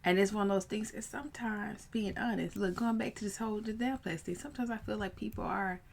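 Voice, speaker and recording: A woman in her thirties, a coach, telling a personal story in a casual vlog, animated and prone to rising in excited bursts. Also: medium pitch, brisk, creaky, slight background noise. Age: 30s.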